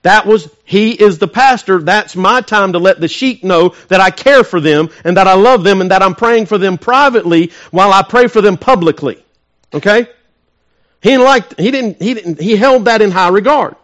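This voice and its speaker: A male pastor preaching a sermon, swinging from loud emphatic peaks to quiet, intimate asides and asking his congregation questions. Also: sits high, normal speed.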